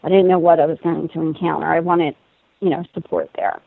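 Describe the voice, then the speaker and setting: A woman in her thirties tells a personal story in lively conversation, laughing and acting out what others said. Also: low voice, a little fast, creaky, breathy edge, no echo. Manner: animated, laughing, acts out quoted voices. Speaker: guest telling a personal story. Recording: tinny phone-like sound.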